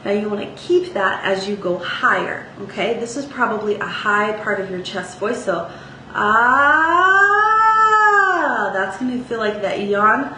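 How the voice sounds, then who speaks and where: A woman gives a singing lesson in a bright, ringing voice, chatting through the exercises and checking in often. Her voice bounces around an echoey room, with faint ambient noise underneath. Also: mid-range voice, moderate pace, hardly any pauses. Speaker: singing teacher. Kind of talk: vocal lesson with sung demonstrations.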